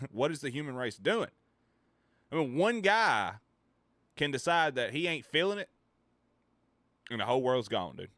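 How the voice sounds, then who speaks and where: A man streamer ranting in casual chat, animated, swearing and laughing between points. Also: mid-range voice, a little slow, long pauses, no room sound. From United States.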